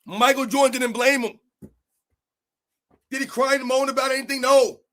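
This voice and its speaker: A man's voice: very high voice, level tone, moderate pace, a bit bright. A man hosting a heated sports rant, emphatic and argumentative, hammering his points by repeating them. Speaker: sports commentary host.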